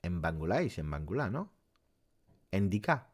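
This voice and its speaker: This deep-voiced man speaks at a moderate pace while running a live football reaction stream from his home in Belgium. Reading through viewer comments, he muses out loud with animation, filling gaps with "uh" and ending lines with "eh?"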